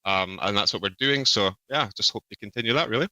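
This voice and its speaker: A man giving a casual post-race interview as the winning driver, relaxed and rambling with lots of ums. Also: on the low side, fast, no echo.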